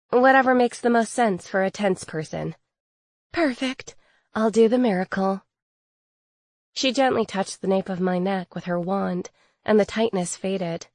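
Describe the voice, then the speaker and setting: A woman narrates an audiobook in first person with a steady, even delivery. Her voice sits at a middle pitch, recorded close and dry with no room sound. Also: no room sound.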